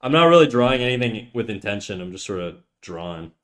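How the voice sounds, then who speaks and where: A man from Canada chatting casually on a live stream, laid-back and swearing freely while thinking out loud. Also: lowish voice, big pitch swings, fast talker.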